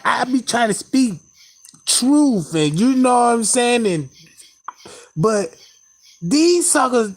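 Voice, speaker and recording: Guy ranting slow and swoopy at his viewers, lots of slang, gets fired up. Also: sits high. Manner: slangy, heated, addresses viewers as y'all. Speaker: online commentator. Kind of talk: profane reaction commentary.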